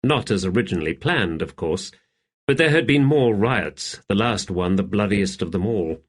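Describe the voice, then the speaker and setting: Low-voiced male audiobook narrator. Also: lively intonation. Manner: measured storytelling. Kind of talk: scripted narration.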